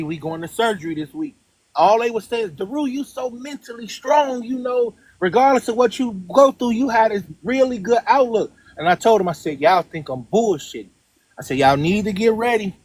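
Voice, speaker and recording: A man's voice: sits high, dry recording. A man, a guest on the show, earnestly telling a personal story in a casual, emphatic way and often checking in with his listeners.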